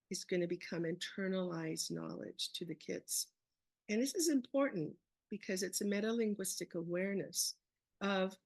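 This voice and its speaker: A woman's voice: medium pitch, vocal fry, dry recording. A woman leading a webinar on early reading, walking through her teaching step by step and asking questions she then answers herself. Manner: explains step by step, asks questions and answers them.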